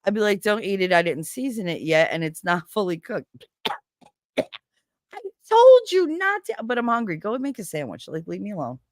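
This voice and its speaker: A woman's voice: on the low side, lively intonation, a little fast, no echo, clean studio sound. A woman hosting a casual stream, telling stories playfully and acting out quoted voices. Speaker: streamer host. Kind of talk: casual chat.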